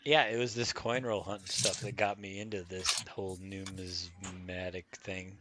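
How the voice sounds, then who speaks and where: A man's voice: low voice, flat delivery, moderate pace. A man chatting as a guest on a casual livestream, hesitant and trailing off, laughing easily. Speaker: stream guest. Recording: noticeable background noise.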